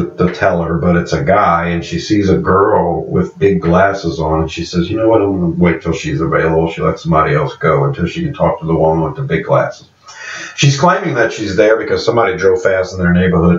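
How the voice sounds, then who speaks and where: Deep-voiced man recapping in an echoey room. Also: normal speed. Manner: rambling, corrects himself on character names. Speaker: show reviewer. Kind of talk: casual episode recap. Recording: echoey, dull-sounding room from a distance.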